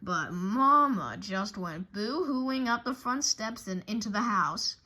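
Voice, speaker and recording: A woman reading a children's storybook aloud, animated and expressive, with a few small slips. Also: medium pitch, takes it slowly, poor audio. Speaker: narrator.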